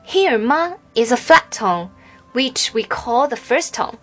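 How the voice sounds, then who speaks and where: Slow, careful woman teacher. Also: a little high, very animated, a bit bright, soft background music. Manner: slow, careful, demonstrating each tone clearly. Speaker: Chinese language teacher. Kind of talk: scripted lesson narration.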